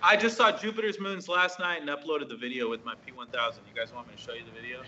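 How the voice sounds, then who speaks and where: A man's voice: mid-range voice, fairly even intonation, fast talker, bright, forceful tone, muffled recording. A man chatting eagerly on a podcast call. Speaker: guest. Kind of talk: casual podcast chat.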